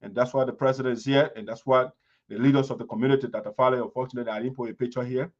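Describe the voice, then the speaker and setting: A man giving impassioned community commentary, emphatic and repetitive, his voice rising to sharp peaks. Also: mid-range voice, fairly even intonation, very fast. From Liberia. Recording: dull lo-fi sound.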